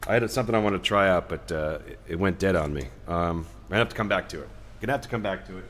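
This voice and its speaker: Low-voiced man chatting between songs. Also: fast talker, fairly bright tone, in a large hall, slight background noise. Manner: rambling, joking, reads viewer comments aloud. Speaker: musician hosting a live stream. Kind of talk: casual chat between songs.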